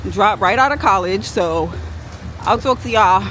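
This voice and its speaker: A woman's voice: medium pitch, lively intonation, measured pace, fairly bright tone, low-quality recording. New woman vlogger, candid slangy street talk on a handheld camera, traffic and wind noise behind. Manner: chatty, blunt, playful slang. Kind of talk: casual vlog monologue. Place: outdoors on a cold windy city street.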